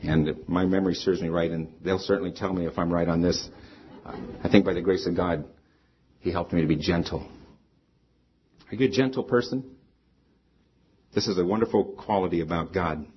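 A man's voice: low-pitched, steady tone, moderate pace, pauses often, slight background noise. A middle-aged man preaching a sermon as a pastor, earnest and conversational, weaving in personal stories. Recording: slightly dull lo-fi sound.

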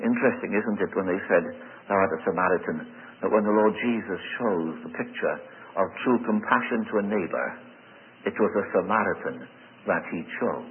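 A man preaching an expository sermon, emphatic and animated, often stumbling over repeated words. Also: deep voice, normal speed, a little hiss or hum. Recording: tinny phone-like sound in a reverberant hall.

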